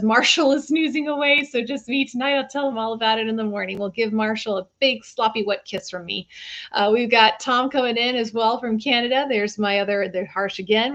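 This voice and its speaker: Broadcasting from her home studio in Florida, a physical therapist in her forties hosts a relaxed live stream, jet-lagged and talkative. She reads out viewer shout-outs, greets people by name, and corrects herself as she goes, in a fairly high, slightly fast, somewhat bright voice.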